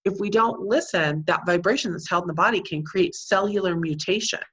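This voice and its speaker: A middle-aged woman with a notably low, deep voice speaks in an interview. She explains at length in an earnest, teaching manner and leans often on "you know." Her tone is steady and sincere. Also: fairly quick, husky. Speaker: psychic medium and Reiki practitioner. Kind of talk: interview answers, explaining spiritual healing.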